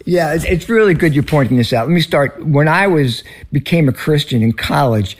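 A man's voice: fairly high pitch, animated, normal speed. A man in his seventies with a Northern US accent, a ministry leader telling stories earnestly as a guest in an interview. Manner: earnest, storytelling. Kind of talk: conversational interview.

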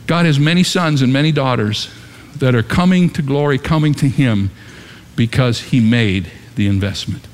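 A man's voice: mid-range voice, normal speed, long reverb tail. A man preaching a sermon with impassioned, rising and falling emphasis in a large church. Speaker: pastor.

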